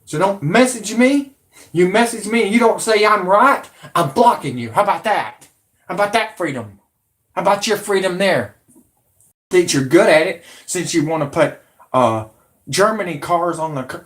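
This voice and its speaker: A man in his forties with a drawl rants at his audience in a combative, profanity-laced monologue. His voice sits somewhat high for a man. He sounds like a channel host talking straight to camera. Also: animated, normal speed. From Alabama, USA. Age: 40s. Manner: profane, combative, shouting at viewers. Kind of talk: angry ranting monologue.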